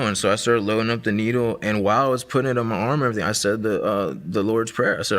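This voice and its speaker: Bright-toned man telling his testimony. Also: on the low side, fairly quick. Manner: conversational, many fillers like "like" and "man". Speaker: guest sharing a testimony. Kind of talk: casual personal testimony.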